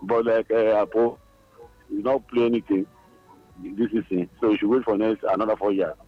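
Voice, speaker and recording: A Nigerian-accented man calling in to a radio show, his low voice coming through a dull, lo-fi phone line. He speaks haltingly, pausing and restarting as he hunts for the right words. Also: steady tone, no room sound, faint music behind. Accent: Nigerian English. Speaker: caller. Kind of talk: phone-in call.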